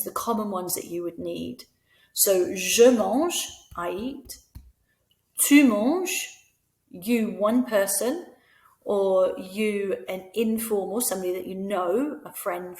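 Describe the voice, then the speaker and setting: A woman's voice: mid-range voice, darkish tone, reverberant. Patient woman teaching French. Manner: patient, clear, models French words slowly. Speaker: teacher trainer. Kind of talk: instructional voice-over lesson.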